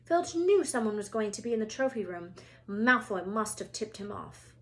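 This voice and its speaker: A woman's voice: medium pitch, sing-song, normal speed, fairly bright tone. A woman voicing a bossy schoolgirl, breathless and insistent in a raised voice.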